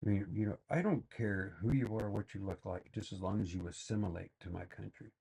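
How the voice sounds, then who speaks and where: A man's voice: on the low side, brisk, gravelly, warm tone, breathy edge. A man giving rambling, exasperated reaction commentary full of fillers and restarts. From Texas. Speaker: reaction video host. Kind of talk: casual ranting commentary.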